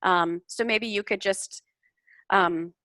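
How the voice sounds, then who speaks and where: A woman coaching a student's English over a video call, patient and encouraging. Her voice is bright and clear, recorded dry and close with no room sound. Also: medium pitch, slow, no room sound. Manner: encouraging, explains corrections patiently. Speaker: English speaking tutor. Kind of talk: online tutoring feedback.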